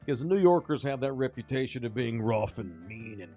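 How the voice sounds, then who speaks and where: A man co-hosting a sports podcast, telling a story in casual, animated, profane talk. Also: medium pitch, normal speed, faint music behind. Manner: animated, profane, rising when excited. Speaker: podcast co-host.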